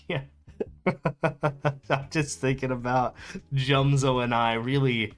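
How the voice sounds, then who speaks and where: A man's voice: medium pitch, steady tone, drawn-out words, pauses often, soft background music. A young man chatting casually on his stream, rambling, amused and laughing often.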